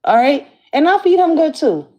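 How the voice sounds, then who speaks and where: A woman's voice: high voice, big pitch swings, moderate pace, dark tone, dull audio. A woman vlogging as a community activist, ranting to the camera in blunt, profane slang. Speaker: community activist and channel host. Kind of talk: casual rant to camera.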